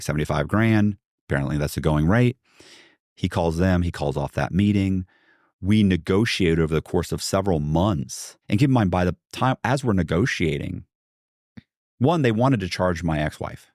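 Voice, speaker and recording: A man with a deep, low voice tells a long story as a podcast guest. He talks animatedly, slipping into the voices of the people he quotes, full of "like" and restarts. The sound is dry and close, with no room around it. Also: a little mellow, no room sound.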